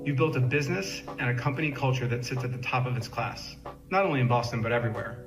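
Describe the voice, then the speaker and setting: A man's voice: mid-range voice, expressive, fast, music in the background, rough recording. A man giving an enthusiastic congratulations message full of praise. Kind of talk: casual video message.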